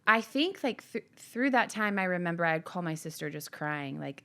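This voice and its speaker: A woman's voice: lowish voice, moderate pace, few pauses. A middle-aged woman, a pastor's wife co-hosting a podcast, talking openly and animatedly with her husband. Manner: open, animated, laughs easily. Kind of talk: casual conversation with her husband.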